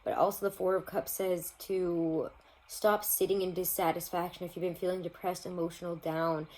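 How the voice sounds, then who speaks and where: A woman's voice: fairly low pitch, little pitch movement, moderate pace, a little mellow, low-quality recording. A woman giving a casual tarot reading to her viewers, chatty and rambling, laughing often. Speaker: tarot reader.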